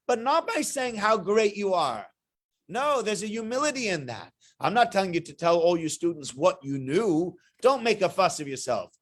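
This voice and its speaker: A man with a high voice teaches as a rabbi in a weekly Torah talk. He keeps asking his listeners rhetorical questions and drives each point with animated energy. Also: normal speed. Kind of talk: weekly Torah portion lecture.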